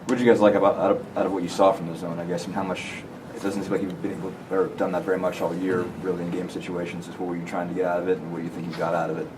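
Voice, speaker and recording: A sports reporter asking long, rambling questions at a press conference. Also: male voice, low voice, level tone, racing, hardly any pauses. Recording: mic far off, background noise.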